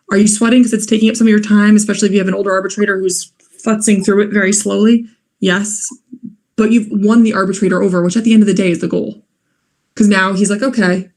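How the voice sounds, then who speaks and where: A woman's voice: medium pitch, gravelly, a little mellow. A young woman giving practical advice on moot court arguments in an informal, earnest way, with fillers and restarts. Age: young adult.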